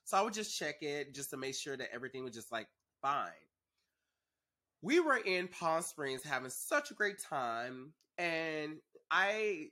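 A young man hosting a podcast, telling a story in a sassy, animated, profane way. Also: medium pitch. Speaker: podcast host. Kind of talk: casual storytelling.

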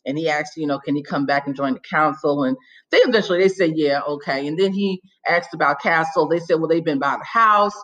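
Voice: mid-range voice, a little fast, lo-fi sound. A podcast host recapping a TV episode in casual chat, telling it like gossip with sassy asides and acted-out quotes. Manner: animated storytelling, acts out quotes, sassy asides.

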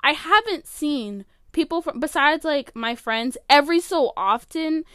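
A woman in her late teens records her own casual podcast on a phone in her bedroom, rambling with "like" and "um" and often halting mid-sentence. Her voice sits high and is expressive and a bit bright, with a slightly slow pace. The audio has no room sound and is studio quality.

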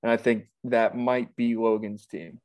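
A man's voice: fairly low pitch, steady tone, a little slow, darkish tone. A man in casual podcast chat, wry and teasing.

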